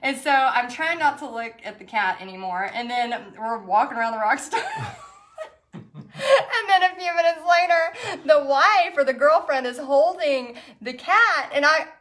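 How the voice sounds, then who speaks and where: Chatty woman with a higher voice. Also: lively intonation, moderate pace, hardly any pauses, a bit bright. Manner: chatty storytelling with frequent laughs. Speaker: painting instructor hosting an online paint party. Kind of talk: casual chat while painting.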